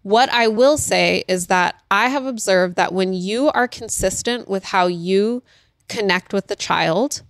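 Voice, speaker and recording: A woman's voice: medium pitch, measured pace, dry recording. Earnest parenting-advice woman, thirties, dry close sound, plain conversational delivery. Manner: earnest, explanatory, repeats key phrases. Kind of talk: casual advice talk.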